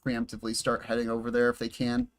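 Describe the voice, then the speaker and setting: A man's voice: medium pitch, big pitch swings, fast, vocal fry. A man commenting casually on his live game stream, chatty and joking with his viewers, talking into a headset at home. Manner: chatty, jokey, talks to chat and himself. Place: home room with air conditioning and bright lights.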